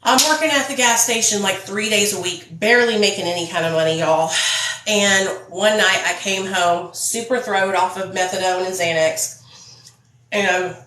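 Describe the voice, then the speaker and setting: A woman's voice: mid-range voice, moderate pace, fairly bright tone, reverberant, a little hiss or hum, low-quality recording. A woman telling her own story to viewers in a casual, blunt, profane vlog. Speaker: vlogger.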